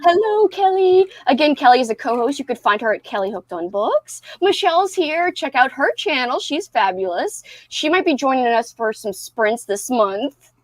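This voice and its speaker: A woman's voice: high voice, sing-song, moderate pace, no room sound. A young woman hosting a casual group livestream, bubbly and giggly, greeting viewers by name and losing track of who she has introduced. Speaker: livestream host.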